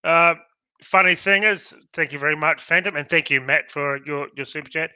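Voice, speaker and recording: Australian male co-host, slightly high, sarcastic, very bright tone. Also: moderate pace, clear, resonant tone, dry recording. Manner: sarcastic, mocking. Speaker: podcast co-host. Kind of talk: casual livestream chat.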